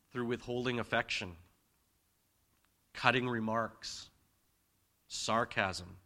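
A man preaching a conversational sermon in church, swinging between loud emphasis and quiet asides. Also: mid-range voice. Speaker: pastor.

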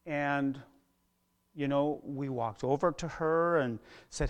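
A middle-aged man preaching a sermon as a pastor, earnest, dropping to a hush and then rising loud, often repeating words. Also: medium pitch, measured pace. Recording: long hall reverb.

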